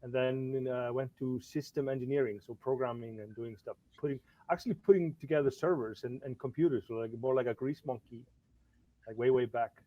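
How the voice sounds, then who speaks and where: Middle-aged man from Iceland, podcast guest, halting delivery with restarts, moderate pitch, dull lo-fi sound. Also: steady tone. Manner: halting, many restarts and repeated words. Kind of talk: casual podcast chat.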